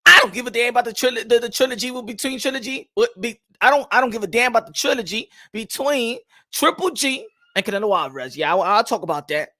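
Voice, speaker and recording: A young man hosts a lively live-streamed boxing morning show, hyped and shouty, tossing in street slang and Spanish phrases. His voice is very high, and he talks fast with few pauses.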